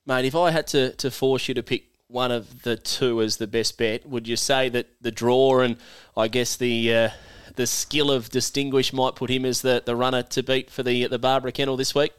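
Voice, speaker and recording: A man's voice: medium pitch, little pitch movement, normal speed, clear, resonant tone, dry recording. Joking Australian man hosting a podcast. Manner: jokey, teasing, laughs often. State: feeling unwell. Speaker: podcast host. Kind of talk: casual chat and quiz hosting.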